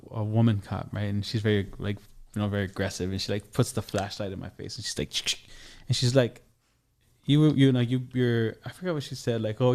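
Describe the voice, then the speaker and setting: A man's voice: mid-range voice, a little mellow. A young man, a podcast guest, telling a personal story in a rambling, casual way, full of restarts and fillers.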